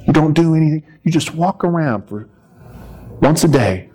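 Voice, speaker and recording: A man's voice: fairly high pitch, moderate pace, low-quality recording. A middle-aged male preacher giving a sermon, retelling a story with playful asides and acted-out voices. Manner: animated storytelling, acting out voices and yells.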